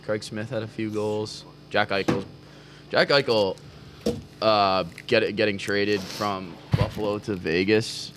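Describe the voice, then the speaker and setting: Man, co-host, blunt, swearing, lowish voice, faint hiss. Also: fairly even intonation, takes it slowly. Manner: blunt, joking, swears freely. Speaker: podcast co-host. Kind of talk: casual chat.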